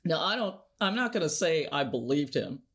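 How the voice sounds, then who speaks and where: A woman guest in an interview, telling stories in an animated way and laughing often. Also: low-pitched, moderate pace. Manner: animated storyteller, laughs often, acts out quotes. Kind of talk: conversational interview storytelling.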